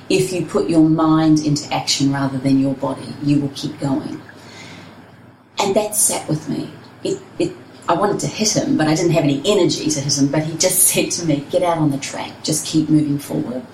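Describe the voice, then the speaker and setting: A woman's voice: low-pitched, normal speed, warm tone, echoey room, recorded from a distance, a little hiss or hum, low-quality recording. A woman, a personal trainer and runner, telling her story candidly and expressively in an interview.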